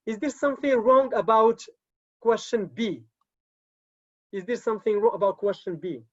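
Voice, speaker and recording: A woman's voice: fairly high pitch, moderate pace, highs cut off. A woman teacher trainer giving an online class lecture, repeating key words and checking in with frequent okays.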